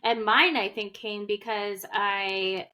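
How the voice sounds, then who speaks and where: A woman's voice: medium pitch, fairly even intonation, slow. A woman co-hosting a podcast in casual spiritual chat, reflective and supportive, filling her talk with "like". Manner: reflective, peppers speech with "like"; supportive, asks gentle questions. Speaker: podcast co-host.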